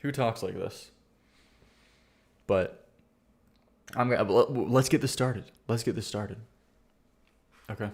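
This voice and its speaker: A man's voice: on the low side, slow, long pauses, darkish tone. A man hosting a casual music reaction livestream, rambling and swearing, often restarting his sentences and laughing at himself.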